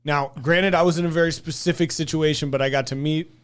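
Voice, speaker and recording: A young man co-hosts a casual podcast chat with a slightly high voice. He tells stories with animated energy and slips into exaggerated voices when he quotes people. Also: fast talker, clear, resonant tone. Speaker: podcast co-host.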